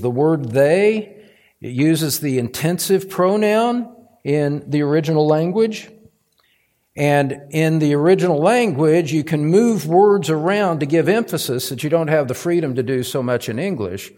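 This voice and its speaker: A man's voice: on the high side, lively intonation, moderate pace, dark tone. A male pastor preaching a sermon, emphatic, climbing to stressed points and repeating words for weight. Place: church sanctuary.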